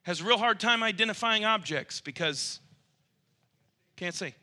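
A male preacher delivering a sermon in a high voice. His tone is very bright and sharp. He talks in an animated way, acting out the people in his story and climbing toward near shouts. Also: moderate pace.

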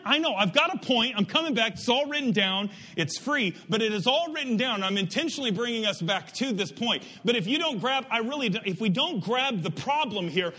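A man preaching a sermon, animated and emphatic, drifting into asides and restarting his sentences. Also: very high-pitched. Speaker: pastor.

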